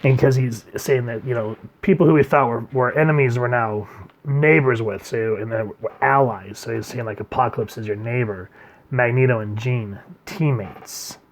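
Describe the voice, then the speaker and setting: A man reviewing a comic book in casual chat, rambling and trailing off quietly at the ends of his sentences. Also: moderate pace. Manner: rambling, trails off quietly at line ends, reads quotes in a low murmur.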